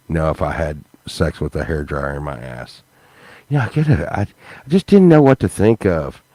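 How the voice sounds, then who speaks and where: A YouTube vlogger chats casually with his viewers in a rambling, repetitive way, laughing in the middle of sentences. His voice sits low and is a little mellow, recorded with no echo.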